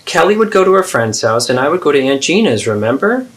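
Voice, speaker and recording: A man's voice: a little high, very animated, fast talker. A man, therapist and host, acting out an adult child confronting a parent in a role-play, earnest and pleading.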